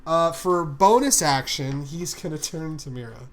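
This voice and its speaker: A man's voice: fairly high pitch, unhurried. A man running a tabletop game as game master, casual and rambling, swearing often.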